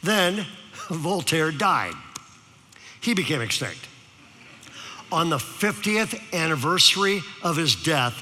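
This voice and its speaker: A man's voice: high-pitched, bright, forceful tone. A man preaching a sermon as pastor, telling stories and checking in with the congregation by asking "okay?". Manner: storytelling with repeated "okay?" to the audience. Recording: long hall reverb.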